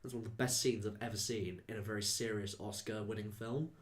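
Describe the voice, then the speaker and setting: A young man co-hosts a podcast, rambling animatedly in casual chat, full of "like" and laughter. His voice is fairly low and fast, with background noise in the recording.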